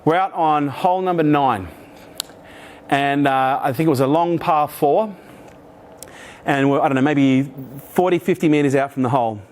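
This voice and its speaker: In front of a live audience, a middle-aged keynote speaker from Australia energetically retells a story, cursing freely along the way. He has a fairly high-pitched voice and keeps a moderate pace.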